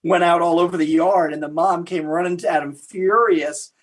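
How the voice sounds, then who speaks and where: A man being interviewed as a historian, telling lively anecdotes with frequent restarts. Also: on the high side, normal speed. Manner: animated anecdotal storytelling with repeated restarts. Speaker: guest historian. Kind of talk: storytelling interview answers.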